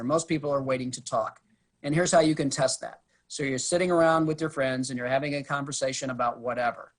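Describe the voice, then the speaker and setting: A man, a police officer, giving a conversational de-escalation presentation to a board over a video call. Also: mid-range voice. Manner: conversational, acts out quotes from arrestees.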